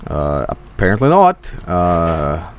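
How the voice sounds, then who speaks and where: Male streamer, somewhat low voice, loose jokey game commentary with swearing, faint noise underneath. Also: takes it slowly. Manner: joking, excitable, swears freely. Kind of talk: casual gameplay commentary.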